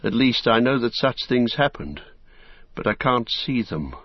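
A man's voice: mid-range voice, very animated, measured pace, breathy edge, no room sound, lo-fi sound, voice pushed up, heavily acted. A man voicing a weary, burdened male hobbit who speaks in anguished, pleading tones. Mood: hollow. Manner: anguished, pleading, breaking into cries.

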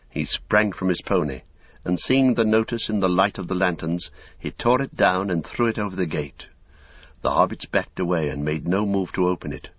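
A man narrating an audiobook in an expressive way, giving each character a voice. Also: sits low, moderate pace, breathy edge, dry recording. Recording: slightly dull lo-fi recording.

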